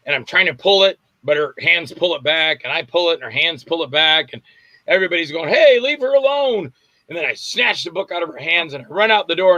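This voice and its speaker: Male director guest, animated storyteller, bright tone, dry close sound. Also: on the high side, dry recording, muffled recording. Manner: animated anecdotes, acts out voices and shouts. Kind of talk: casual storytelling interview. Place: Tampa area, Florida.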